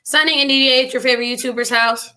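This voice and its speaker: Speaking quickly in a high register, this commentary host reacts for her viewers in a lively, chatty way. Her speech is loose and full of slang, aimed right at the audience.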